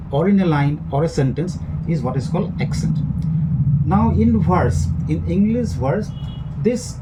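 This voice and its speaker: A man giving a classroom lecture, speaking in a measured way that repeats and rephrases each point. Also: a little high, warm tone, slight background noise, poor audio. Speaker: English literature lecturer.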